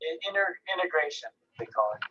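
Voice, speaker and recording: A man teaching a live online painting class, giving relaxed, encouraging critiques and thinking aloud with frequent restarts. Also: on the high side, quick pace, breathy edge, lo-fi sound. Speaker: painting instructor. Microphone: video call.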